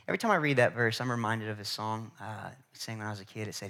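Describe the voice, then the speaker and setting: A man's voice: mid-range voice, a little fast, few pauses. A man preaching a sermon as pastor, talking conversationally with restarts and calling out to the congregation. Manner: animated, conversational, with frequent repetitions and restarts; calls to the congregation for response.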